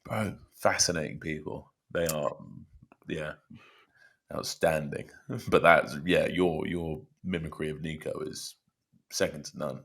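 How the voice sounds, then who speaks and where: A man's voice: rumbling low, fairly even intonation, unhurried, a bit bright. A man co-hosting a casual sports podcast, teasing his co-host in a dry way.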